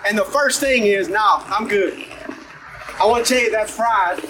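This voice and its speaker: A man's voice: sits high, a little fast, a bit bright, far from the mic, a little hiss or hum, low-quality recording. A man from Alabama, preaching a sermon as pastor and talking to the congregation in a conversational way. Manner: conversational, asks the congregation questions.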